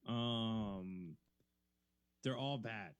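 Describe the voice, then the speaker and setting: A man's voice: lowish voice, very slow, clean tone. A man co-hosting a comedy podcast, talking in casual chat, rambling and laid-back with many fillers. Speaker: podcast co-host.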